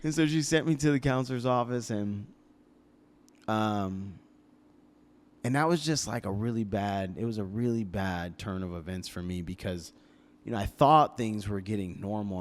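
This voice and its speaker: Young guy on a podcast, lowish voice, lots of ums and restarts. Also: normal speed. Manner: hesitant, many fillers and restarts, quoting others. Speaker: podcast guest. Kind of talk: casual storytelling interview. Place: podcast studio. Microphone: podcast microphone.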